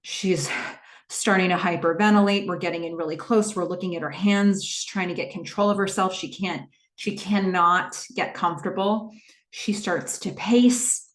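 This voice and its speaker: A chatty woman host walks through a TV episode scene by scene in a fairly low voice, animated and loose with fillers. Her voice rings in an echoey room. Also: moderate pace. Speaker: podcast host. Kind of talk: casual TV episode recap.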